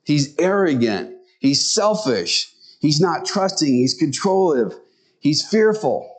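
A man's voice: on the high side, big pitch swings. Earnest conversational male preacher. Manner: conversational and earnest, pace speeding and slowing; tells stories and acts out quotes. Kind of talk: sermon.

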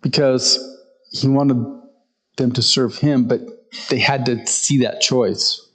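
A man preaching a conversational sermon, retelling a story in a relaxed way and often restarting his sentences. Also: medium pitch, slow pace, poor audio.

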